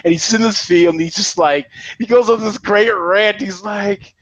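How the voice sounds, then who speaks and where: A man co-hosting a podcast, talking about movies in an animated way and restarting his sentences often. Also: high-pitched, moderate pace, no room sound, poor audio. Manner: animated, excitable, many restarts. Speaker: podcast co-host. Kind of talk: casual film chat.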